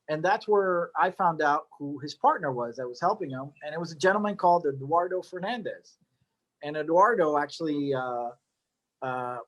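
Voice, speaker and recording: A middle-aged man casually telling his story as a cigar maker, rambling with joking asides and lots of fillers. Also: on the high side.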